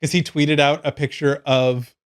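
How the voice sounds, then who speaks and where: A man's voice: a little high, level tone, normal speed, smooth. A man co-hosting a podcast, telling stories in casual chat in a rambling, profane way and laughing as he goes. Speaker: podcast co-host.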